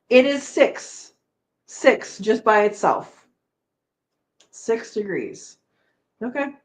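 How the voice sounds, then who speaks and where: A woman hosting a homesteading live chat, reading viewer comments aloud in a relaxed, chatty way, laughing often and trailing off with fillers. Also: mid-range voice.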